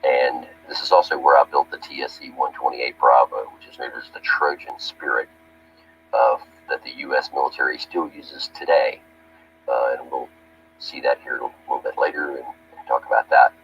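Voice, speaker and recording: Gravelly, very deep-voiced man telling stories. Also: steady tone, a little fast. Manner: rambling, plainspoken storytelling with many fillers. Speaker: former Army power systems engineer. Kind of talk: casual narration over photographs. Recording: dull lo-fi recording with faint music.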